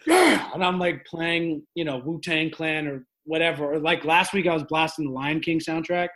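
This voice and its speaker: A young man who coaches fitness classes chats as a podcast guest. His voice sits a touch high, and he tells stories in a brash, energetic way, swearing freely. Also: moderate pace. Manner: brash, profane, energetic storyteller. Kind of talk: casual podcast chat.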